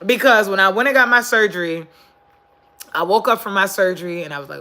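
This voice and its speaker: Sitting on the floor with her phone, a woman hosts a casual motivational livestream, earnest and preachy, repeating her points for emphasis. Her mid-range voice is fairly quick, pushed and bright.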